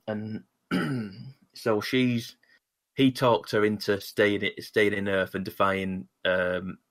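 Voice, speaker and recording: A man with a deep, low voice talks casually on a podcast. He rambles, restarting sentences and filling gaps with "um". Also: a bit bright. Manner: rambling, many restarts and fillers. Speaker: podcast co-host. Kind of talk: casual chat about comics.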